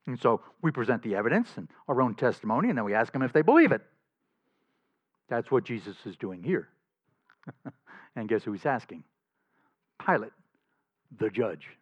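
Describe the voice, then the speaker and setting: A male pastor preaches with strong emphasis and a voice that swings widely in pitch. His tone sits mid-range for a man. The recording is dry and slightly dull. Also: a little fast, pauses often, no room sound. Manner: animated, emphatic, chuckles often. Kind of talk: sermon.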